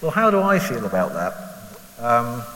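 A man's voice: medium pitch, very animated, normal speed, pushed and bright. A man giving a candid, conversational Bible reflection as a lay preacher, asking himself rhetorical questions with self-deprecating honesty. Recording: echoey hall with faint hiss.

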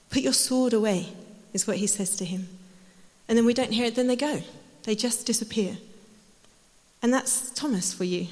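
Woman preacher, higher voice, animated storyteller, long hall echo. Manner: lively storytelling, acting out voices. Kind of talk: sermon. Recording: hall reverb.

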